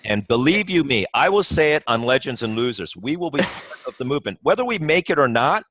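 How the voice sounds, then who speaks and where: A man's voice: medium pitch, very animated, a little fast, fairly bright tone, no echo. A man speaking as a guest in a podcast interview, talking passionately in long runs full of "you know" and restarts. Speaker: guest, company co-founder.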